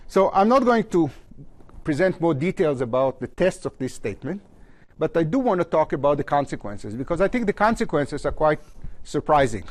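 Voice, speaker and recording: A man giving a university physics lecture at a blackboard, his phrases often trailing off low at the end. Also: brisk. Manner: lively pitch, trails off low at phrase ends. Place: lecture hall.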